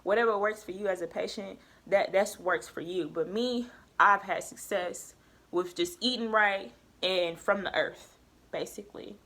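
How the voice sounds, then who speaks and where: A woman's voice: mid-range voice, unhurried. A young woman vlogger, telling a personal story in casual chat and acting out quoted dialogue. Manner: emphatic, lively retelling with quoted dialogue.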